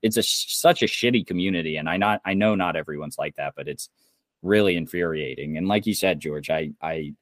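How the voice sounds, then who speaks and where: A man's voice: deep voice, brisk, no room sound, clean studio sound. A young man from Indiana co-hosting a podcast, ranting angrily and swearing. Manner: heated, swearing rant. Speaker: podcast co-host. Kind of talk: casual podcast chat.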